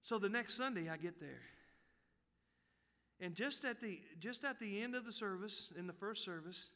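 A man tells a story from the pulpit in a high, bright, ringing voice. He drifts into hushed asides, then climbs into loud, fervent peaks. The sound carries the long reverb of a big church hall. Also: expressive, normal speed. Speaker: pastor. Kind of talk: sermon storytelling.

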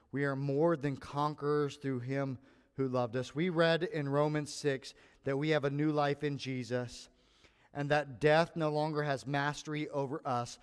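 Male pastor, lively sermon delivery, slightly raised pitch, long reverb of a large hall. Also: clean tone. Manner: animated preaching, acts out quoted voices.

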